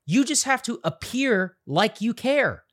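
Blunt, casual man with lively pitch. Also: measured pace. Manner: blunt, casual, swears freely. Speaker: podcast co-host. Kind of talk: conversational political discussion.

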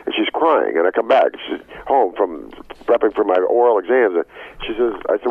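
A man, an actor guest in an interview, talking in an expressive, rambling way that swings between loud excitement and low murmurs. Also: a little fast, gravelly, husky, no room sound. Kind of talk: animated interview talk. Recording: tinny phone line.

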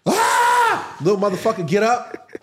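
A man in his early thirties, a podcast guest telling stories in a slangy, profane, animated way and acting out the scenes. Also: a little high, brisk. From United States. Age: early 30s. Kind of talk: casual podcast storytelling.

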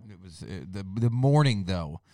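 Low-voiced man rambling excitably. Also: a little slow, no echo, studio quality. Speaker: podcast co-host. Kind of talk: casual banter.

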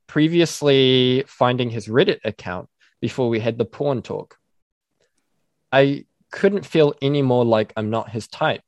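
A man's voice: medium pitch, no echo, clean studio sound. A man co-hosting a podcast, chatting casually, swearing and getting worked up, then reading a listener question. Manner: animated, swears a lot, gets worked up. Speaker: podcast co-host. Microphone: desk microphone.

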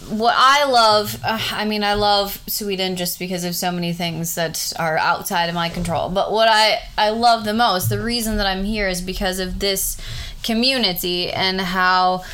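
A woman's voice: medium pitch, fairly even intonation, moderate pace, sharp tone, clean tone. A middle-aged woman, a school principal, talking casually and heartfelt, with frequent restarts. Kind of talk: casual conversation.

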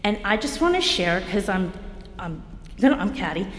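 A woman's voice: mid-range voice, big pitch swings, moderate pace. A woman speaks plainly and wryly about herself, poking fun at her own hard edges as she shares at a meeting. Her mid-range voice rings through a large hall with a long reverb tail, and a faint noise sits behind it. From New Jersey. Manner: blunt, self-deprecating and wry, with bursts of laughter. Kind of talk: candid personal share at a meeting.

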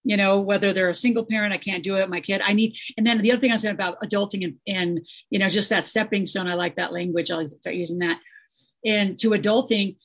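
A middle-aged woman with a slightly husky, breathy voice at an everyday pitch. She talks in an emphatic, animated way as an interview guest, padding her points with casual fillers. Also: fast. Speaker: guest, financial educator.

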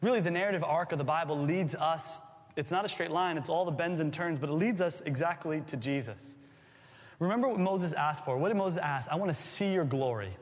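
A man's voice: on the high side, a little fast. A man preaching with a slightly raised voice, and his words ring out with a long reverb through a big hall. He teaches in a loose, playful way, quizzes his listeners and slips jokes in between. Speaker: pastor. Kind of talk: sermon.

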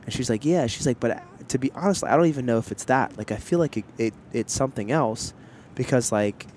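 A man of ordinary pitch talks openly and at length, wandering through his story with lots of "like" and "you know," stopping to explain himself as he goes. He sounds like a podcast host chatting with a friend while out in public, speaking into a headset mic. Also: a little fast, darkish tone, a little hiss or hum. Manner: candid, rambling storytelling with many fillers and asides. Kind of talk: casual chat. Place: outdoors in public, wearing headsets.

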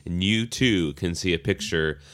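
Joking low-voiced male podcast co-host. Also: normal speed, fairly bright tone. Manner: joking, teasing, upbeat welcome. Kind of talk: casual chat. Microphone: studio microphone.

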